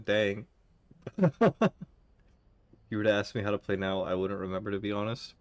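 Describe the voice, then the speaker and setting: A man's voice: lowish voice, moderate pace, no room sound. A young man streaming a game, chatting casually with chat and rambling with lots of fillers. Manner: rambling, filler-heavy, reads chat aloud.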